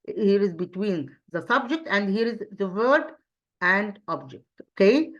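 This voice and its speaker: A woman teaching an English grammar review lesson, pausing often and repeating herself, asking rhetorical questions as she goes. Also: mid-range voice, expressive, muffled recording. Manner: hesitant, frequent fillers and restarts.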